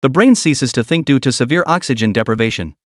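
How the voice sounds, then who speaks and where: A man's voice: medium pitch, lively intonation, fast talker, no echo, studio quality, close to an everyday voice. A man voicing a cruel female security interrogator who taunts her prisoner in a cold, mocking way. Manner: taunting, coldly sadistic.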